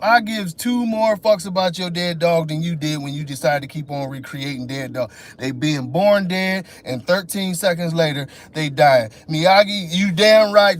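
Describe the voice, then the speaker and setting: High-voiced man on a profane rant. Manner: profane, mocking, animated rant. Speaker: livestream host. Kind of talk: ranting live stream.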